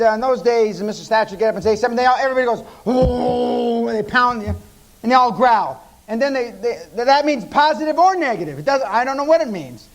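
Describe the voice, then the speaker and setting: A man's voice: extremely high pitch, low-quality recording. An American man in his fifties giving a live seminar talk, telling brash stories laced with profanity. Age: 50s. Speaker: seminar speaker.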